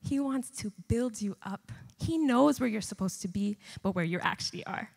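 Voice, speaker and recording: A woman's voice: mid-range voice, lively intonation, normal speed, creaky, a little mellow, slightly rough. A young woman, a student missionary, telling an earnest personal testimony at a chapel service. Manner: earnest, heartfelt storytelling. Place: large university chapel. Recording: long reverb of a large chapel.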